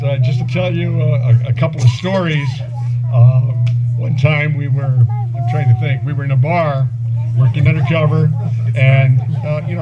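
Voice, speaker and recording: A man in his seventies giving a eulogy for an old friend at a memorial gathering, rambling through anecdotes with chuckles and fillers. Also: mid-range voice. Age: 70s. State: voice breaking with emotion at times. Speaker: eulogy speaker, old friend and former police partner. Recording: muffled event recording with loud background noise.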